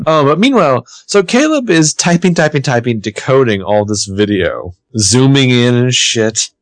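A man co-hosting a podcast, recapping a TV episode in casual, animated chat. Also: medium pitch, moderate pace, dry recording. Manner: chatty, animated, swears casually.

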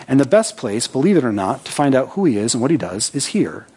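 A man's voice: mid-range voice, very animated, fast talker, a little mellow, slightly rough. Man preaching a conversational sermon. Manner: conversational preaching with frequent "right?" check-ins; reads scripture aloud with asides. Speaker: pastor.

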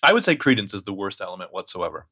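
A man's voice: sits low, sing-song, fast talker, bright, forceful tone, no room sound, muffled recording. A man co-hosting a podcast, sarcastic and profane while mocking a film. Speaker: podcast co-host. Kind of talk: casual film review chat.

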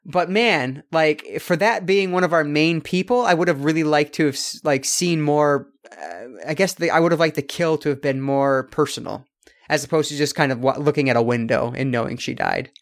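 Rambling podcast host, fairly high voice. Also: male voice, normal speed. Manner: rambling, many fillers and restarts. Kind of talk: casual film review chat.

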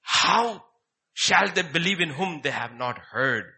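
A man's voice: fairly high pitch, expressive, takes it slowly, pushed and bright. A man preaching a sermon, emphatic and repetitive, firing off rhetorical questions. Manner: emphatic, repeats key phrases, rhetorical questions.

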